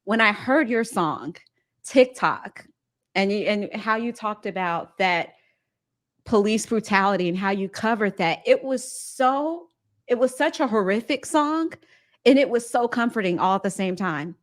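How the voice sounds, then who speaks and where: A woman's voice: medium pitch, lively intonation, a little slow. Heartfelt woman host, near tears. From Ohio, USA. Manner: earnest and heartfelt, holding back tears. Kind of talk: emotional interview chat.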